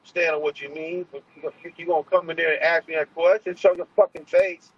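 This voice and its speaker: A man vents on a livestream, profane and confrontational, full of fillers and restarts. His voice sits a little high and sounds husky. The stream audio is muffled and lo-fi. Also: fairly even intonation, fairly quick. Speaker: livestream host. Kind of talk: heated livestream monologue.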